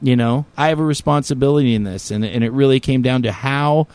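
A man's voice: mid-range voice, quick pace, darkish tone, clear, resonant tone, no room sound. A man telling a story in casual chat, rambling and full of fillers and swearing, with heated, raised bursts when he quotes himself.

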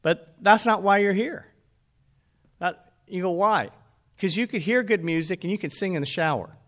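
A pastor with a fairly high, slightly bright voice delivers a sermon at normal speed. He speaks conversationally to his listeners and keeps posing rhetorical questions.

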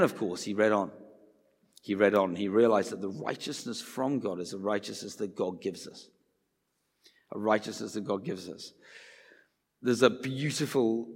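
A man's voice: on the low side, vocal fry, husky. A man preaching a sermon in a conversational way, acting out the voices he quotes. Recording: reverberant hall.

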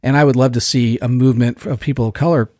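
A man's voice: medium pitch, steady tone, quick pace, darkish tone, dry recording, studio quality. A middle-aged man in a casual panel discussion, earnest and opinionated.

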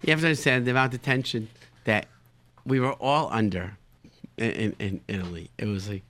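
A man's voice: fairly low pitch, fairly even intonation, brisk, a bit bright. A man telling casual anecdotes animatedly, often repeating words as he finds his phrasing. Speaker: storyteller, show guest.

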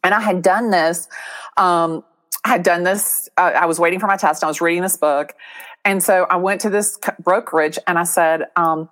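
A middle-aged woman from Atlanta, a real estate agent telling her story as an interview guest in a lively, chatty way, acting out the voices of the people in it. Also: fairly low pitch, brisk. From Atlanta, USA. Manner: animated, acts out quoted voices, laughs often.

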